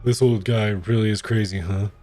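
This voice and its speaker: A man voicing a gruff, exasperated male doctor in a story game, talking brusquely. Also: lowish voice, steady tone, moderate pace, warm tone, faint music behind, lightly acted. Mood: annoyed.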